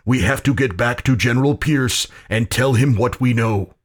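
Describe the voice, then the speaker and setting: A man's voice: medium pitch, normal speed, natural voice. A man voicing a big, commanding male warrior leader who gives firm, urgent orders.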